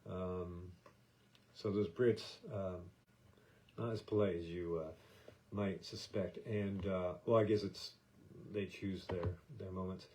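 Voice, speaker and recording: A man's voice: sits low, steady tone, slow, dark tone, poor audio. An American man hosting a podcast, talking in a casual, meandering way with many fillers and restarts. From United States. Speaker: podcast host. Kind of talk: casual rambling monologue.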